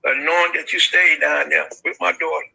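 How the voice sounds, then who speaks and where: A man's voice: fairly high pitch, little pitch movement, fairly quick, gravelly, sharp tone, husky, low-quality recording. A grieving father calling in by phone, speaking emphatically and repeating his points. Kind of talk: call-in conversation.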